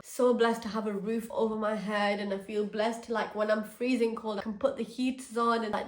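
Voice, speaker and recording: A woman's voice: mid-range voice, reverberant. A young woman vlogging to her phone at home, chatty and sincere, often emotional and grateful. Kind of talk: casual vlog talk to camera. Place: home, indoors.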